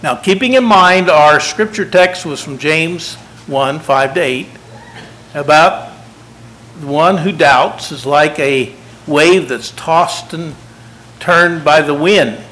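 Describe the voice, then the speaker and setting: An older man preaching a sermon, folksy and self-deprecating, unhurried. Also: on the high side, sharp tone, poor audio.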